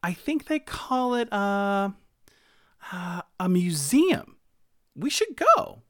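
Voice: medium pitch, slow, no echo, studio quality, pitched above the performer's own voice. A storyteller voicing an eager, adventurous young female mouse in a children's storybook. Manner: excited, bossy.

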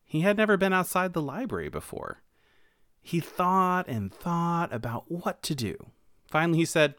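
Animated storyteller reading to children. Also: mid-range voice, normal speed, no room sound, studio quality. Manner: animated, encouraging, asks the listener questions. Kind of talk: children's read-aloud.

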